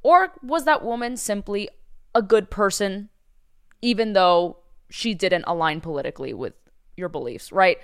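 A woman speaks frankly in a casual conversation and presses her points with emphasis. Her voice is smooth and clear. It sits at a middle pitch. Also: expressive, normal speed. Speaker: podcast co-host. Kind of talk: casual chat.

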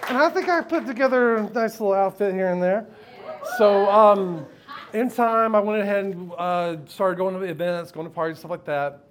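High-voiced man telling a profane stage story. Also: normal speed, slight background noise. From United States. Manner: profane, candid, laughing with the crowd. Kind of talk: live personal storytelling. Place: live stage before an audience.

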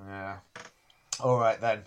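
A man's voice: fairly low pitch, fairly even intonation, slow, clear, resonant tone. A man co-hosting a podcast in casual chat, dry and self-deprecating, often restarting his sentences. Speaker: podcast co-host.

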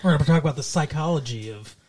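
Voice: mid-range voice, rapid-fire, a crowd in the background. A podcast co-host from Michigan, chatting casually about a movie with lots of restarts and fillers.

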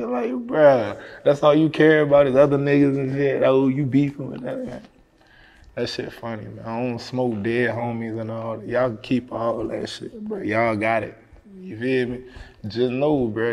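A man's voice: medium pitch, darkish tone. A man from Miami, a rapper guest in a casual interview, talking in a laid-back, slangy way and laughing often. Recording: echoey room with long reverb.

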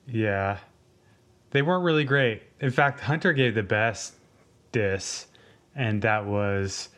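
A man's voice: on the low side, takes it slowly, long pauses, fairly bright tone. A man co-hosting a podcast, laid-back, giving short agreements and blunt opinions. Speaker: podcast co-host. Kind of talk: casual chat.

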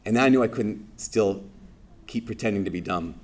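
A man's voice: fairly low pitch, moderate pace. A male Catholic priest preaching a sermon, telling a personal story with self-deprecating humor and acting out the dialogue.

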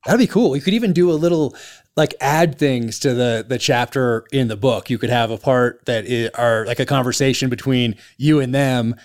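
A man's voice: medium pitch, normal speed. A man hosting a podcast interview, chatting casually and enthusiastically, with many restarts and fillers. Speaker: podcast host, author.

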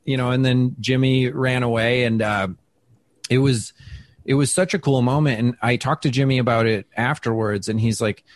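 A man from Wisconsin, a comedian telling a story in an interview, animated and full of fillers and quoted asides. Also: mid-range voice, moderate pace. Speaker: comedian guest.

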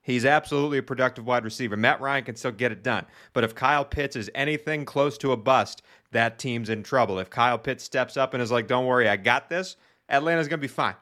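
An opinionated man hosts a casual sports podcast at a middle pitch. He gives his views firmly and hands the floor to his co-hosts. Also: fast, hardly any pauses, bright, forceful tone. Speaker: podcast host.

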